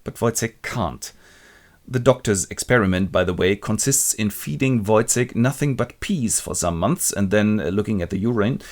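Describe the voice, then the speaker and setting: A man's voice: fairly low pitch, lively intonation, moderate pace, darkish tone. A man retelling a classic play in a wry, colloquial, comic way. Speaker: literature presenter.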